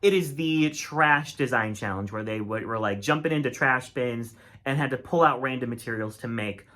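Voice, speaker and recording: A man's voice: medium pitch, moderate pace, a bit bright. A man giving a casual, opinionated critique monologue, chatty and full of filler words. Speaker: drag race commentator.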